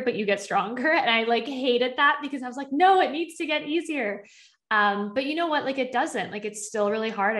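A young woman talks as a podcast guest, her voice sitting at an ordinary middle pitch. She tells her story in a loose, chatty way, with plenty of "like" and quick asides where she voices what she was thinking back then. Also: a bit bright. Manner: chatty, heavy use of "like", acts out her own past thoughts. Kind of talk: conversational storytelling.

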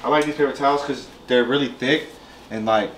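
A fast-talking man with a laid-back, slangy way of chatting to his viewers while he cooks in a home kitchen. Clear kitchen clatter of dishes and pans runs behind him. His pitch sits in an ordinary middle range. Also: a bit bright, slight background noise. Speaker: vlog host cooking fish. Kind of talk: casual cooking vlog chat.

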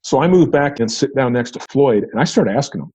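A man's voice: mid-range voice, expressive, fairly quick, a little mellow, husky. A middle-aged man, a retired federal agent, recounting an old case in conversation, often restarting and repeating words. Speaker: retired FBI agent, podcast guest.

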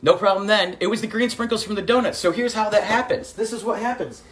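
A woman's voice: mid-range voice, fast. A woman hosting a casual livestreamed cooking demo from her home kitchen, telling stories and greeting viewers by name. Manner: chatty storyteller, greets viewers by name, calls audience kids. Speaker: cooking show host.

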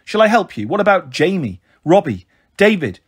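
A man's voice: sits high, big pitch swings, moderate pace, husky, exaggerated voice. A man doing an eager, bossy young girl. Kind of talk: audiobook character voice.

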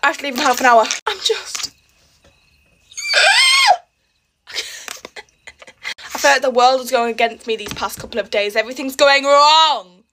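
A woman's voice: high voice, quick pace, background noise. A teenage girl chatting while getting ready for school, dramatic and exasperated, laughing often. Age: teens. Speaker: vlogger. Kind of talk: get-ready-with-me vlog.

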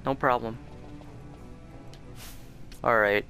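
A man's voice: medium pitch, fairly even intonation, slow pace, long pauses, sharp tone. A young man hosting a let's play, giving casual, rambling commentary with lots of fillers and restarts as he plays. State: sleepy, yawning. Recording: faint game music behind.

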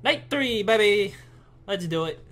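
A let's play gamer giving horror game commentary, talking to the game's figures and bursting into scared yells. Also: mid-range voice, lively intonation, unhurried.

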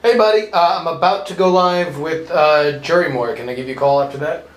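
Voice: mid-range voice, a little fast, roomy sound. A laid-back host running the tech, chatting casually while checking the microphones. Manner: laid-back, counts through mic checks. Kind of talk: casual chat during mic checks.

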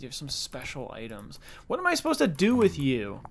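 Speaking briskly in a medium-pitched, somewhat bright voice whose pitch swoops wildly, this gaming YouTuber offers casual let's-play commentary with slight background noise. He's chatty and self-deprecating, talking back to the game's characters.

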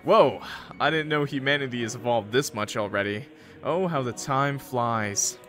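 A man's voice: mid-range voice, normal speed, a bit bright, faint music behind, lightly acted. A man voicing a smug, cocky male guardian angel, reading game dialogue in a playful, sly drawl. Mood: teasing.

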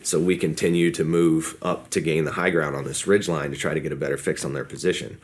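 Deep-voiced guy telling an army story, chatty, acts out the dialogue. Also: steady tone, fast talker. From United States. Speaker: podcast guest. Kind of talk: war story told in an interview.

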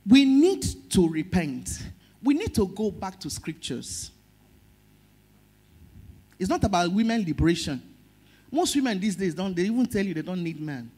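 Nigerian lady pastor preaching, husky voice, pitch jumping all over, gets loud then goes soft. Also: big pitch swings, moderate pace, pauses often. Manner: emotional, swinging between loud stress and soft. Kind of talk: sermon.

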